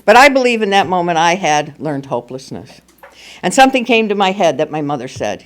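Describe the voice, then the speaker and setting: A woman's voice: on the low side, big pitch swings, fairly quick. An older woman speaking at a recovery meeting, telling her personal story candidly and with humor. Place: meeting room at a school.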